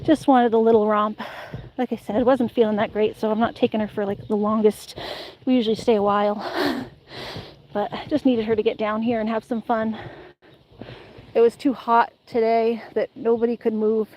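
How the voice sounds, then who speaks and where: A woman's voice: a little high, flat delivery, normal speed, a little mellow, low-quality recording. A woman live-streaming outdoors on a beach, out of breath and laughing as she chats playfully with her dog and viewers. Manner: playful, laughing, sing-song baby talk to the dog. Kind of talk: casual live-stream chat.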